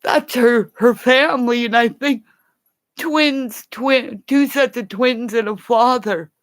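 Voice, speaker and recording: A woman ranting in a rambling, profane livestream, swinging between low growling threats and high shouting. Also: slow pace.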